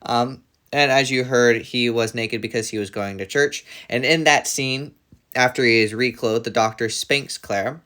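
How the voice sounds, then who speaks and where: A man gives an earnest, casual review, listing points with some hesitation. His voice is bright and a bit tense, at an ordinary pitch. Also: normal speed. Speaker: show reviewer.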